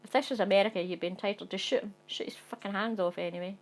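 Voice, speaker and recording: A woman reads a darkly funny short story aloud, addressing the listener directly in a wry, conspiratorial way. Her voice sits at an everyday middle pitch, and she keeps it low and confiding before erupting into sweary indignation. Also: fairly even intonation, fast talker.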